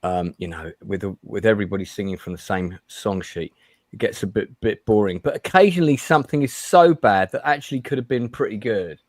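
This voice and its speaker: A man's voice: fairly low pitch, brisk, darkish tone, no room sound, studio quality. A man hosting a casual chat show, talking bluntly with lots of fillers and restarts. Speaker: host.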